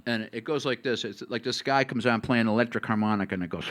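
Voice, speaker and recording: A man in his sixties spins a loose, chatty anecdote on a club stage, wandering through asides and fillers as he goes. His voice sits at an ordinary middle pitch. He is speaking into a stage mic between songs. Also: fast talker. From Buffalo, New York. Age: 60s. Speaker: singer-songwriter. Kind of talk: onstage storytelling between songs. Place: live music club stage.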